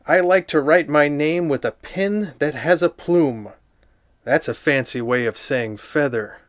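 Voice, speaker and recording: A man's voice: fairly high pitch, unhurried, no echo, clean studio sound, close to an everyday voice. A man voicing a prissy little girl who loves being fancy, reading her lines in a prim sing-song.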